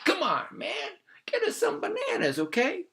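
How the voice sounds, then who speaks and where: Pushy, hungry cartoonish monkey voiced by a man: high, squeaky and whiny in a homemade story. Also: huge pitch swings, moderate pace, creaky, pushed and bright, heavily acted. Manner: whiny, insistent.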